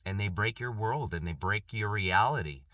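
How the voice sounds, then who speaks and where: A man's voice: on the low side, animated, moderate pace, bright, forceful tone, dry recording. A middle-aged man giving an earnest, impassioned self-help monologue, often restarting and repeating phrases.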